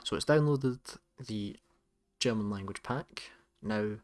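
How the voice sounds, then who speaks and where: A man with a Scottish accent, hosting a casual tutorial in a relaxed, chatty way with some self-corrections. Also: fairly low pitch, slow pace. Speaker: tutorial host. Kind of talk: casual screen-recorded tutorial.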